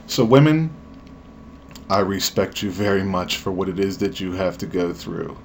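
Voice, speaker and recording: A young man vlogging at home, telling a story with animated delivery and acted-out voices. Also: normal speed, slight background noise. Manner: animated, acts out voices, jumps high in pitch for emphasis.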